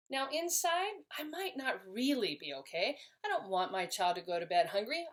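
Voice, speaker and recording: Woman explaining parenting tips to camera, earnest, a bit higher voice, restarts now and then. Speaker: parenting educator. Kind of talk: instructional talk to camera.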